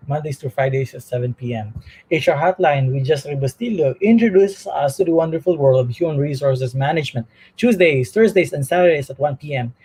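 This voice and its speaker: A man's voice: a little high, a little mellow, breathy edge, poor audio. A man from the Philippines hosting a talk show, reading promos and interviewing a guest. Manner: reads promos at length, laughs at himself.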